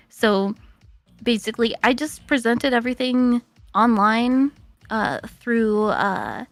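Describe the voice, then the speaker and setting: A woman's voice: fairly high pitch, vocal fry, fairly bright tone, no room sound. A woman being interviewed as a VTuber guest, chatting casually and giggling often between fillers.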